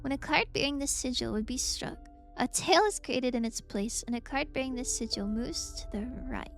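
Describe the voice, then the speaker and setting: A woman's voice: high-pitched, normal speed. A woman streaming a video game, chatting casually, reading on-screen text aloud and slipping into whispered asides. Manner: excitable, drops into whispered asides. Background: game music.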